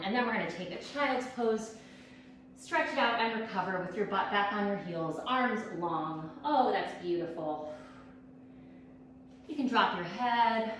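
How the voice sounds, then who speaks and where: A woman's voice: mid-range voice, fairly bright tone, a little hiss or hum. A woman fitness instructor leading a workout, upbeat and out of breath as she counts reps and coaches. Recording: echoey room, distant mic.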